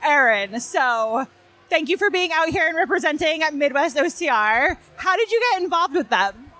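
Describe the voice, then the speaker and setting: A woman's voice: sits high, animated, moderate pace, bright, forceful tone. A woman from New Jersey interviewing guests in an upbeat, chatty way. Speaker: podcast interviewer. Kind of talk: casual interview chat.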